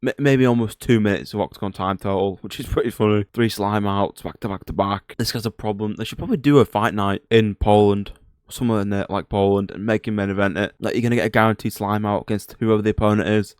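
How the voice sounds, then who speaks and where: Fast-talking Northern English man, low voice. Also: fairly even intonation, a little mellow, smooth, no room sound, clean studio sound. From Northern England. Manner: blunt, slangy, opinionated. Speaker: MMA commentator. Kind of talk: casual recap chat.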